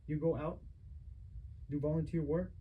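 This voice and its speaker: A man's voice: a little high, steady tone, normal speed, slightly rough, narrow, tinny audio. A man, an adult son, confronting his mother in a heated family argument recorded on a phone, lecturing her with repeated rhetorical questions.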